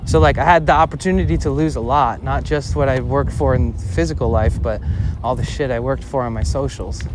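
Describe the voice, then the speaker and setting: A man streaming outdoors, casually telling a story in a loose, profane, animated way with acted-out quotes. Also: mid-range voice, a little fast. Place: outdoors in a city. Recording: outdoor street noise behind.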